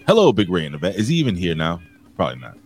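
A man's voice: low voice, huge pitch swings, rapid-fire, faint music behind. A man co-hosting a wrestling talk show, rambling and cursing while joking around. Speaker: wrestling podcast co-host. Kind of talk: casual chat.

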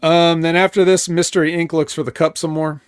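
A man hosting a casual wrestling review podcast, walking through matches in a hesitant, stop-start way. His voice sits a little high. The recording is dry and close. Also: flat delivery, brisk, clean tone, no echo. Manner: hesitant, many ums, recapping. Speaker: podcast host.

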